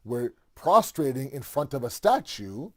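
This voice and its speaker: A man's voice: mid-range voice, sing-song, a little slow, a bit bright. A man telling a religious story in a casual, conversational way, with many fillers and asides.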